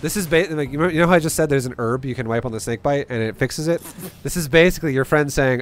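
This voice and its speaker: A man's voice: medium pitch, racing. Young man coaching, casual and profane. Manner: swears freely, laughs, acts out examples. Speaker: StarCraft coach. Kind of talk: casual coaching over a game replay.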